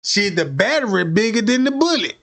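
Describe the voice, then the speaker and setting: Streamer guy, high voice, telling a raunchy story, swears a lot, keeps going "know what i mean". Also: sing-song, brisk, fairly bright tone. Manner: profane, rambling, keeps asking listeners if they follow. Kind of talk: crude comedic storytelling.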